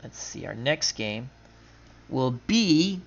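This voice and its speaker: A man streaming a simulated football game, chatting casually and running through scores and stats in quick lists, laughing at his own team's losses. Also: mid-range voice, sing-song, gravelly. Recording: dull lo-fi sound.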